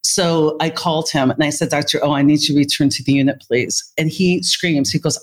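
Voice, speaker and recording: A woman's voice: deep voice, fairly quick. A woman being interviewed as a guest, a therapist who tells workplace stories and animatedly acts out the lines of the people in them. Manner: animated storyteller who acts out quoted dialogue. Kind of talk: storytelling in conversation.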